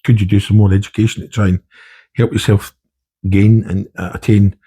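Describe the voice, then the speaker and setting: Brief: middle-aged Scottish army veteran, dark husky tone, rambling candid talk. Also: male voice, fairly low pitch, level tone, fairly quick. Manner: rambling, with many restarts and "you know". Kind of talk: candid podcast conversation.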